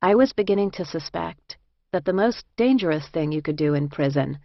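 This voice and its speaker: A woman reading a first-person memoir aloud in a measured, reflective way. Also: deep voice, expressive, no room sound. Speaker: audiobook narrator. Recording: dull lo-fi dry recording.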